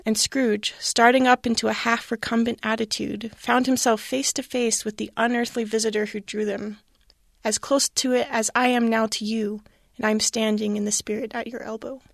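A woman narrates a classic tale aloud with dramatic expression. Her voice sits a bit high with a gravelly texture. The recording is close and dry. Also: level tone, normal speed, no room sound. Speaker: storyteller. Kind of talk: storybook reading aloud.

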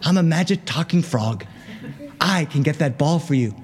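A man's voice: on the high side, expressive, moderate pace, long reverb tail, natural voice. A man voicing a persistent, bargaining talking frog in a told fairy tale. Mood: insistent. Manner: insistent, bargaining.

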